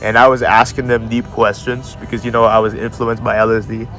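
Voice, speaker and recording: A man's voice: lowish voice, level tone, fairly quick, a bit bright, soft background music. A young man casually telling a story, swearing a lot and using slang, laughing as he goes. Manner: profane, slangy, laughs often while telling.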